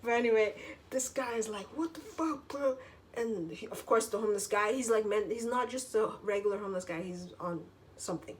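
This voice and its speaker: A woman's voice: mid-range voice, a little fast. Chatty woman telling a story. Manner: chatty, lots of "like" fillers, swears freely. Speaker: vlogger. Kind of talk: casual storytelling monologue.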